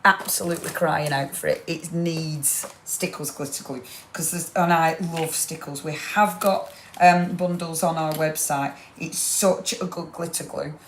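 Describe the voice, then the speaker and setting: Brief: woman, craft demo host, low gravelly voice, gushing and chatty. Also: fairly even intonation, unhurried, slight background noise. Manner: chatty and gushing, rambling asides. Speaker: craft demonstrator. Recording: roomy echo.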